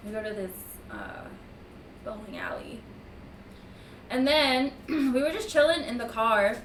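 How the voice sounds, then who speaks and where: A woman's voice: fairly high pitch, a little slow. Chatty young woman in an echoey room. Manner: chatty, laughs often, peppered with "like". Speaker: streamer's girlfriend telling a story. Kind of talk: casual storytime chat. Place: room at home. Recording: echoey room, mic at a distance, faint hiss.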